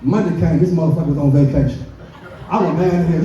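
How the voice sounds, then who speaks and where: Profane storytelling comedian in a dark, echoey room. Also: male voice, a little high, fast talker. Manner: profane storytelling with acted-out quotes. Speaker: stand-up comedian. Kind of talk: stand-up comedy set. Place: brewery comedy stage. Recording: dull, echoey room from a distance.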